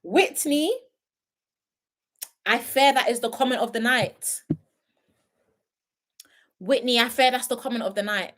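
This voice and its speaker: A woman's voice: on the high side, measured pace, pauses often, fairly bright tone. Young woman, stream host, playful and rambling, lots of ums. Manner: chatty, playful, laughs often, trails off with ums. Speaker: reality show commentator. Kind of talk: casual live-stream chat reading viewer comments.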